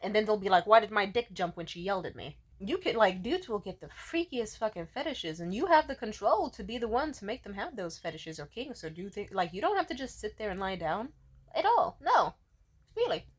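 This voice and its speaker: Lively, profane young woman talking. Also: medium pitch, a little fast, breathy edge. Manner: candid and profane, breaks into laughter, acts out quoted lines. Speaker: vlogger. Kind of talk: casual monologue.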